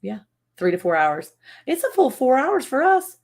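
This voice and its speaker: A woman's voice: high voice, sing-song, normal speed, a little mellow. Lady chatting on a farm livestream, laughs a lot, does little voices for other folks. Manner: chatty, laughs often, mimics people in quoted voices. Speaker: ranch livestream co-host. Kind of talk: casual livestream chat. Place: home on a farm.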